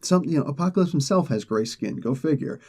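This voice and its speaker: A man casually retelling a comic story in a loose, rambling way, slipping into quick acted lines for the characters. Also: a little high, animated, darkish tone, slightly rough. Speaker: comic book reviewer.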